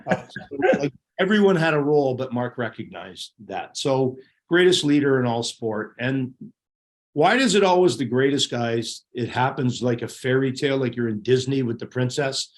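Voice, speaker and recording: Middle-aged guy spinning hockey stories, animated, mid-range voice. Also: mid-range voice, moderate pace. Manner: animated, laughing anecdotes. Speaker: guest, former hockey goalie. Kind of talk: casual storytelling.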